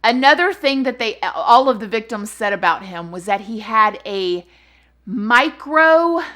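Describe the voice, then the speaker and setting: A woman hosting a casual true-crime video, chatty and excitable, often turning to address her viewers. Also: a little high, a little slow. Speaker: host.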